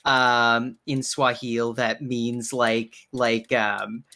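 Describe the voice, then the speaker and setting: A man's voice: mid-range voice, flat delivery, takes it slowly, sharp tone. A man narrating as game master, rambling with many fillers.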